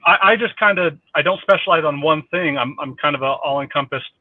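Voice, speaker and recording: Excitable man on a muffled call. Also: on the high side, brisk, dry recording. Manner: excitable, profane. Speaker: maintenance worker, caller. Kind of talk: casual chat.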